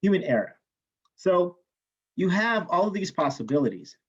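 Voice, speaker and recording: A man teaching a chemistry class, telling a story in an animated way, swearing freely and acting out the people he quotes. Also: high voice, normal speed, husky. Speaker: chemistry instructor. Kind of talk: lecture with personal story. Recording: dull lo-fi classroom recording.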